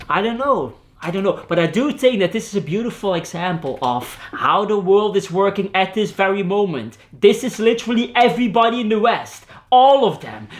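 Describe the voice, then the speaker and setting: Animated man telling a story. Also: high voice. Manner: animated storyteller, acts out voices and shouts. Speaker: art business YouTuber. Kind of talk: opinionated monologue.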